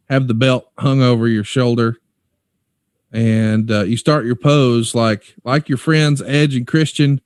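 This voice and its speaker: A man's voice: medium pitch, darkish tone, clean tone, no room sound, clean studio sound. A man co-hosting a casual podcast, eagerly recapping old matches and leading the questions. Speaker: podcast co-host and interviewer.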